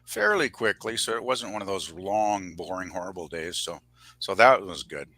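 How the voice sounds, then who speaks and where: A man on a review panel with a slightly rough throat, talking in a hesitant, stumbling, easygoing way. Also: low-pitched, animated, moderate pace, bright, forceful tone, no room sound. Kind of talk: casual chat.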